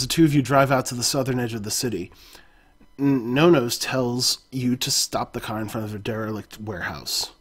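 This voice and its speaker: Husky man reading a gamebook aloud. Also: mid-range voice. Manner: wry, self-mocking. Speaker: game narrator. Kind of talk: reading an adventure gamebook aloud with joking asides.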